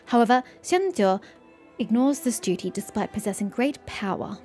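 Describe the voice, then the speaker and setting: A woman's voice: on the high side, animated, normal speed, dark tone, faint music behind, natural voice. A woman reading the lines of a scornful architect in a video game aloud, in a disdainful, lecturing way. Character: scornful architect who despises old officials.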